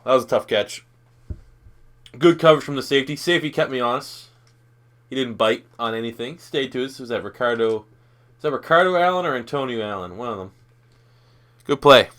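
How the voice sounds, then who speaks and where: A man's voice: mid-range voice, lively intonation, a little fast, long pauses, fairly bright tone. A young man from Canada giving loose, profane, rambling commentary over his own football video game. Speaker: gaming YouTuber. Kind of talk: casual gameplay commentary.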